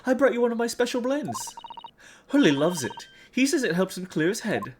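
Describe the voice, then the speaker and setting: A man voicing a sweet, cheerful young girl in an eager, high-pitched falsetto, reading from a game. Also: big pitch swings, moderate pace, noisy background. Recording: game music playing under voice.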